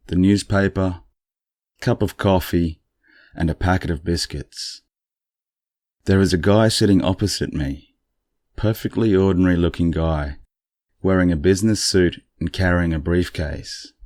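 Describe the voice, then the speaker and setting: A man hosting a podcast, retelling a story in a relaxed, chatty, dryly amused way, with a congested morning voice. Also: sits low, a little slow, pauses often, no echo, clean studio sound. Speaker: podcast host.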